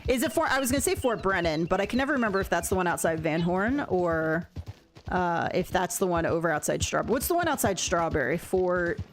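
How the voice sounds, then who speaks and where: A woman's voice: fairly low pitch, animated, a little fast. Woman streamer rambling at her chat while she plays, voice jumps all over, laughs a lot. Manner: rambling, chatty, laughs often, talks to chat. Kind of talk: casual gameplay stream chat.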